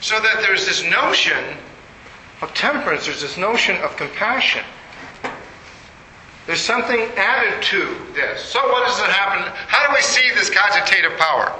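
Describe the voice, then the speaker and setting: High-voiced man lecturing in an echoey room. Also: lively intonation, moderate pace, sharp tone, slight background noise. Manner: quizzes the audience, joking asides. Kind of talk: interactive lecture to an audience.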